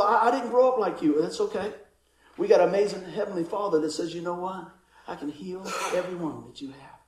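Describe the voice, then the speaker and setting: Male pastor, high voice, animated storyteller, roomy echo. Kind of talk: sermon.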